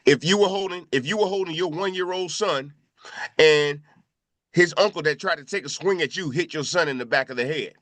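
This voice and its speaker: A man's voice: a little high, brisk, a bit bright, no room sound. Profane storytelling man, dry close sound. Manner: loose, profane, repeats phrases. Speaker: show crew member telling a memorial story. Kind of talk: casual storytelling among friends.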